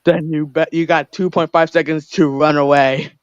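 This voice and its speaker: High-pitched guy on a game stream, joking around, dry kinda muffled mic. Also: flat delivery, clean tone, no echo. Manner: playful, teasing, quick to break into silly voices. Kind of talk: casual gaming chat.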